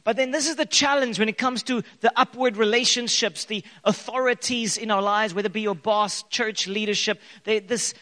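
A man preaching a sermon in an animated way, his voice echoing in a church hall. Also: high-pitched, normal speed, few pauses. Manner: animated preaching with bursts of loud acted quotes. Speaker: pastor. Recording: long hall reverb.

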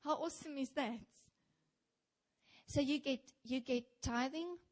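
Brief: young South African woman preacher, fairly high voice, lively storytelling sermon delivered to a congregation. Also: unhurried. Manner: animated storytelling, addresses the congregation directly. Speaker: church speaker.

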